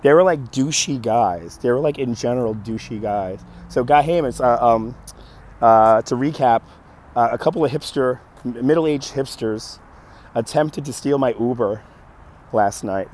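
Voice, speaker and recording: A hoarse man who keeps coughing, telling a story on a live stream in an animated, exasperated way. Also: medium pitch, a little slow, slight background noise. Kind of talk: casual storytelling to chat.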